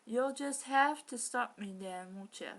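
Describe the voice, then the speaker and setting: A woman reading a fan story aloud, voicing a gruff giant Scottish man in a put-on Scottish accent with a slow, drawling brogue. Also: a little high, slight background noise. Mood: taunting.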